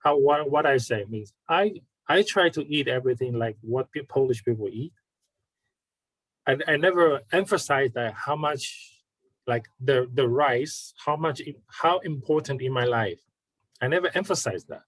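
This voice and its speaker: Taiwanese man, interview guest, halting, restarts, dry close sound, mid pitch. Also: lively intonation, a bit bright, no room sound, low-quality recording. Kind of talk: casual conversation.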